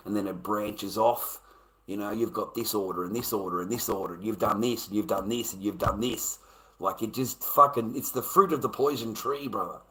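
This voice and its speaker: An Australian man on a livestream, talking in a blunt, profane, rambling way, lecturing and breaking into loud bursts. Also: fairly low pitch, rough recording. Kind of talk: casual rambling livestream chat.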